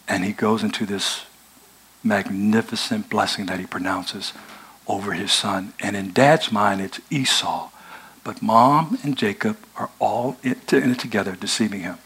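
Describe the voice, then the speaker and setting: A male pastor preaching a sermon, retelling a story in a conversational, animated way. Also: fairly low pitch, a little slow, husky.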